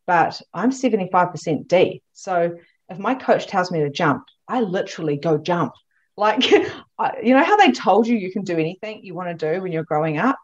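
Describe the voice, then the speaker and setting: A woman hosting a podcast, chatting casually and telling animated stories with frequent laughter. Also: lowish voice, highs cut off. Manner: animated storyteller, laughs often. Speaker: podcast host. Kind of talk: casual chat.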